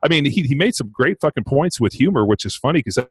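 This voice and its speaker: A man's voice: mid-range voice, sing-song, fast talker, husky, no echo, low-quality recording. A man in casual podcast chat, telling rambling stories full of swearing and fillers. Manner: rambling storyteller, heavy swearing, many fillers.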